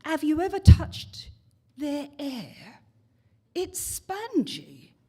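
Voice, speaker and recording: A condescending Cockney woman gossiping on a bus, as a storyteller puts her on. Her voice rises high and fluty, with a pitying sing-song and a clipped Cockney accent. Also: wildly swooping pitch, extremely slow, warm tone, heavily acted.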